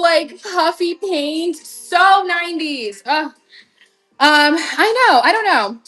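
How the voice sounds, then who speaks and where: Young woman live-seller, chatty and gushing, a little high-pitched, casual stream host. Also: a bit bright, low-quality recording. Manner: chatty, gushing, talks straight to viewers. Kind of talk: casual live-selling chat.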